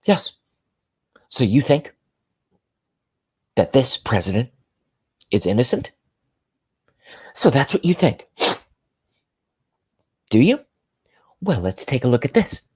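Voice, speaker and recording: A man's voice: medium pitch, sing-song, takes it slowly, long pauses, a little mellow, husky, pitched above the performer's own voice, heavily acted. A man putting on a mocking impression of a condescending female cable news host, asking patronizing questions.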